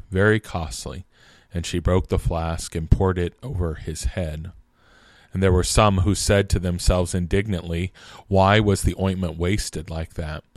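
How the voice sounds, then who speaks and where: Male scripture reader, very low voice, dry close sound, measured and steady delivery. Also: dry recording. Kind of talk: scripted narration.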